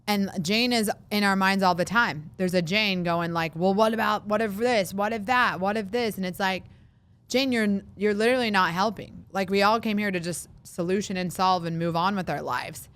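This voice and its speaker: Chatty woman podcaster, smooth voice. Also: medium pitch. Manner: chatty, animated, acts out worried voices in quick asides. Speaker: podcast host. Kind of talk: casual solo podcast monologue.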